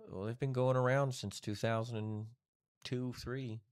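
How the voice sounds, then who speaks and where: A man's voice: medium pitch, fairly even intonation, measured pace, clear, resonant tone. A man chatting casually on a live stream, mostly chiming in with brief agreeing remarks.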